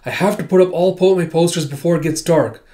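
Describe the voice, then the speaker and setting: A man's voice: on the high side, brisk, warm tone, voice pushed up, close to an everyday voice. A man voicing a frantic young boy who is urgently searching for his friend while reading a comic aloud. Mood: anxious.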